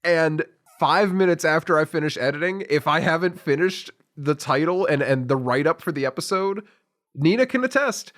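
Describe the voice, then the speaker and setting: A man co-hosting a podcast in casual chat, animated and rambling, swearing freely as he tells stories. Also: on the high side, moderate pace. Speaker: podcast co-host and editor.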